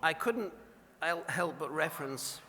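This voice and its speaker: A man's voice: a little high, expressive, unhurried, sharp tone. A man presenting an award at a dinner, telling wry anecdotes in an after-dinner speech, recorded in a large banquet hall. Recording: reverberant hall.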